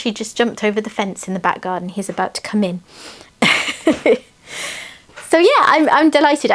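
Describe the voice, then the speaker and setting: A woman from the United Kingdom hosting a casual craft channel, chatting enthusiastically at home as she unboxes kits. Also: on the high side. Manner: chatty, enthusiastic, laughs often.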